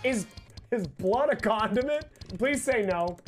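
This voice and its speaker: A man's voice: high voice, lively intonation, a little slow, soft background music. A man streaming live, ranting with emphasis and mock outrage, swearing often.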